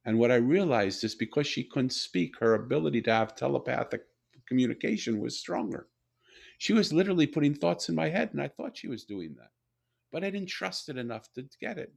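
An older man, a guest author, telling a story in a conversation, animated and often repeating and restarting his words. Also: mid-range voice, a little fast, creaky.

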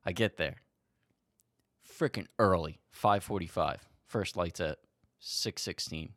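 Deep-voiced man telling a fishing story. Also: takes it slowly, no room sound, clean studio sound. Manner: animated, swears freely, acts out quotes. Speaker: podcast co-host. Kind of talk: casual storytelling chat.

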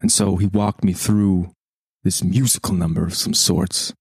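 A man's voice: low-pitched, fairly even intonation, a little slow, breathy edge, dry recording, clean studio sound. A man playing a tabletop game, riffing in a theatrical, mock-earnest comedic style. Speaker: player. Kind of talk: comedic improv.

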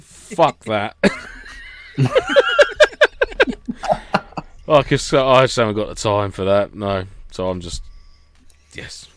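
Bloke on a podcast, swears a lot, laughs, voice jumps all over the place. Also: male voice, lowish voice, expressive, slow, long pauses, no echo. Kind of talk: casual chat.

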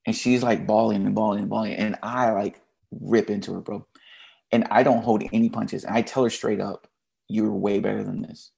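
A man's voice: fairly low pitch, level tone, moderate pace, gravelly, a little mellow. A man, a teacher and podcast guest, telling a candid personal story in a blunt, emotional way with casual slang.

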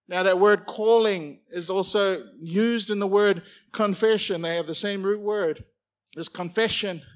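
A man preaching a sermon, animated and playful, acting out little characters as he goes. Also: high-pitched. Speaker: pastor.

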